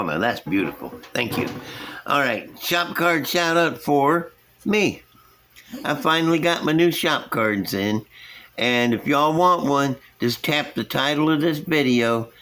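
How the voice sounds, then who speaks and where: A man's voice: mid-range voice, a bit bright. A middle-aged man, casually showing his model builds at an indoor workbench and chatting in a folksy, rambling way. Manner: folksy, rambling, chuckles at himself. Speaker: scale model builder, channel host.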